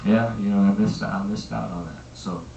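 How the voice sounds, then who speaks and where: Hesitant young man, low voice, echoey. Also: steady tone, moderate pace, gravelly, mellow, highs cut off. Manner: hesitant, repeats words, many fillers. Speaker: host. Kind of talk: casual chat to camera. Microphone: camera mic.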